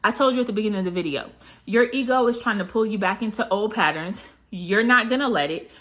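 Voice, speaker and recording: A woman's voice: medium pitch, fast talker, fairly bright tone. A woman talking casually to camera as a manifestation coach. She asks many rhetorical questions and fills her talk with "like" and "you know".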